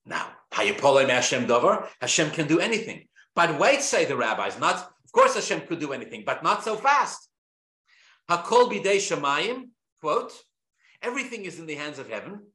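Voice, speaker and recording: A rabbi delivers a Torah lesson with plenty of emphasis and rhetorical questions. His voice sits a little high and sounds sharp and bright. The recording has a roomy echo around it. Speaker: rabbi teaching a weekly Torah class. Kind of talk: lecture-style Torah class.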